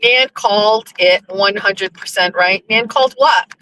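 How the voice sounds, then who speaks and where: Woman in her 50s riding along, excitable, swears a lot, laughs easily, faint hiss. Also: mid-range voice, a little slow, rough recording. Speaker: vlogger. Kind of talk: casual chat. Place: riding in a vehicle.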